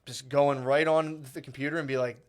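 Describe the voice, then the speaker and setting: A man's voice: mid-range voice, fairly even intonation, a little fast. A man co-hosting a podcast in casual chat, laid-back, swearing and saying "dude" constantly. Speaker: podcast co-host.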